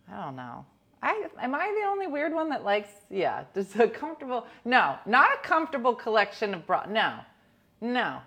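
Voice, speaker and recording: Animated woman chatting jokily. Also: medium pitch. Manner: jokey, animated, mock award-show announcing, trailing into quiet asides. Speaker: host. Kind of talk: casual chat, reading viewer comments.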